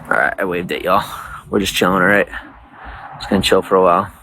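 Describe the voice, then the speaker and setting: On a livestream outdoors at night with bugs around, a deep-voiced man chats casually and quickly, rambling and talking to viewers with lots of fillers. The background is noisy.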